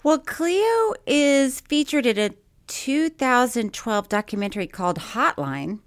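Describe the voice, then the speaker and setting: A woman's voice: sits high, big pitch swings, a little slow. A woman co-hosting a casual podcast chat, laughing often and acting out quotes. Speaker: podcast co-host.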